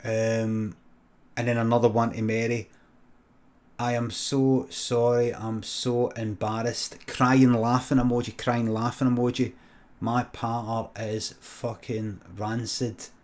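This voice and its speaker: A Scottish comedian improvising a comic story with deadpan, sweary narration and quick muttered asides. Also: male voice, mid-range voice. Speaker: comedian streamer.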